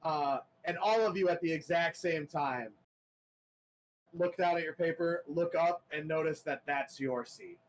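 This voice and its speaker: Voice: medium pitch, unhurried, a little hiss or hum, rough recording. Rambling game master narrating a scene. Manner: rambling, full of fillers and laughs.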